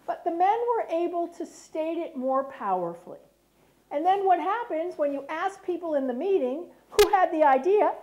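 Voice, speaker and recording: A woman's voice: very high-pitched, mellow. A middle-aged American woman giving a lecture, often checking in with the audience by asking "right?". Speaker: speaker. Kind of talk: lecture talk.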